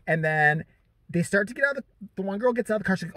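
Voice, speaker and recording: A man's voice: high-pitched, lively intonation, fast, a bit bright. A young man telling a crude story in a casual, rambling vlog from inside a parked car. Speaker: vlogger.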